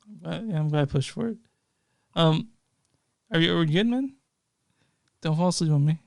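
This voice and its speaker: A man's voice: on the high side, moderate pace, creaky, no room sound, clean studio sound. A man co-hosting a casual movie podcast, easygoing, reading out review scores and show plugs. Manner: easygoing, reads reviews and plugs, laughs often. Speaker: podcast co-host.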